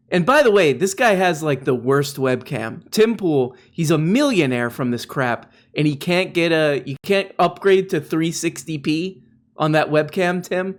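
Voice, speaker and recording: A man's voice: fairly high pitch, unhurried. Sarcastic man doing casual commentary. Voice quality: sarcastic, mocking, drops into mock voices. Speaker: political commentator.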